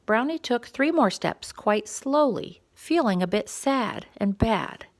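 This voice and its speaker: A woman reading a quiet story time picture book aloud for young children, gentle and expressive. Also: on the high side, slow.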